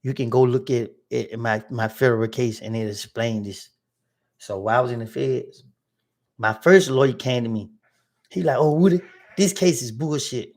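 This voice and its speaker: Gravelly man telling a story. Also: mid-range voice, normal speed. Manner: animated, acting out both sides of arguments in his story; slangy street vernacular. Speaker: livestream host telling a story. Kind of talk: casual storytelling to a livestream audience.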